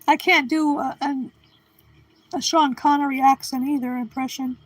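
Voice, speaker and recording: Woman in her sixties, high-pitched, casual rambling chat, dry recording. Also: fairly even intonation, moderate pace, no room sound, poor audio. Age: 60s. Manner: rambling, chatty, restarts and trails off. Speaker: livestream host. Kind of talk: casual chat answering live viewers.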